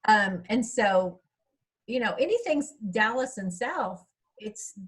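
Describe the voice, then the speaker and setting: A middle-aged woman talks in a loose, rambling, chatty way. Her voice sits at an ordinary middle pitch for a woman. She is recorded over a video call. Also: expressive, takes it slowly, husky, poor audio. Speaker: author speaking at a writers' workshop. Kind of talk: casual chat.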